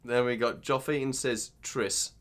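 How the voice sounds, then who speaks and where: A man's voice: medium pitch, fairly even intonation, measured pace, a little hiss or hum. A British man hosting an online pub quiz, upbeat and teasing as he reads out questions and viewers' answers. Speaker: quiz host.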